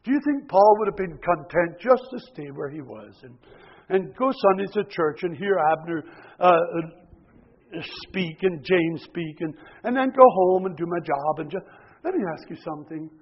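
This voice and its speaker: High-voiced preacher in an echoing hall. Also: male voice, expressive, moderate pace, slightly rough. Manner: swings from loud exhortation to hushed near-whispers; repeats words and restarts often. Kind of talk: sermon. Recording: dull lo-fi recording with long hall reverb.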